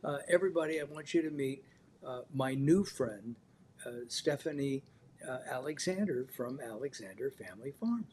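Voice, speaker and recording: A man hosting a live cooking show, chatting loosely with many filler pauses. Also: medium pitch, lively intonation, a little mellow, a little hiss or hum.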